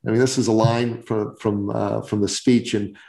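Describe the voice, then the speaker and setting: Gravelly-voiced earnest male podcast host. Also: on the low side, little pitch movement, normal speed, warm tone. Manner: earnest, preachy, emphatic. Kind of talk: motivational interview talk.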